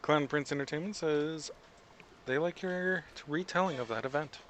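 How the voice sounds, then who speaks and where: A man's voice: on the high side, normal speed, a bit bright, lo-fi sound, a little hiss or hum. A man chatting casually on a stream in an amused, chatty way.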